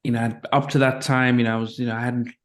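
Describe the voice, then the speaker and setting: A middle-aged man from Nigeria hosts the conversation in a flat, even tone. He speaks in a halting, reflective way, full of restarts and fillers. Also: mid-range voice. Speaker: interview host. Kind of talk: conversational interview.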